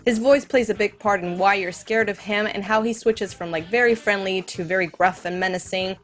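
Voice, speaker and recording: A woman's voice: medium pitch, moderate pace, soft background music. A woman hosting a scripted film commentary, enthusiastic and speaking directly to her viewers. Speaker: video essay host.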